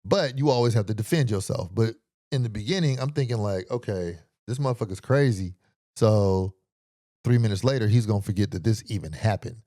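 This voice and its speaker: Bay man hosting a podcast, animated storyteller, curses freely, makes sound effects, dry close sound. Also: fairly low pitch, a little fast, dry recording. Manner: animated, profane, uses vocal sound effects. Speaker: podcast host. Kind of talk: storytelling commentary.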